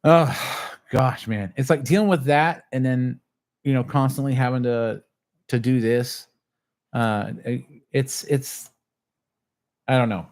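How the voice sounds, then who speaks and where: A man's voice: medium pitch, slow, long pauses. A man telling a long, agitated story in a casual livestream, swearing and acting out what others said. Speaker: channel host.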